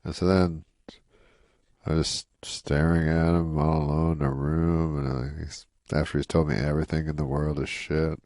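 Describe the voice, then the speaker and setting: A man with a very low, gravelly voice tells a rambling story in a casual interview, keeping a dry, deadpan tone and peppering it with asides. The recording is close and dry, with no room sound. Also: normal speed, no echo. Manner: rambling, deadpan, full of "you know" asides. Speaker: comedian guest telling a story.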